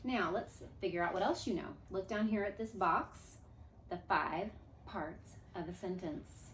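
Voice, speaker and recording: A woman's voice: lowish voice, measured pace, slight background noise. Woman teacher coaxing a class. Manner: lively, coaxing, leads chants. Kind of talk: classroom grammar review. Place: classroom with a board. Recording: echoey room.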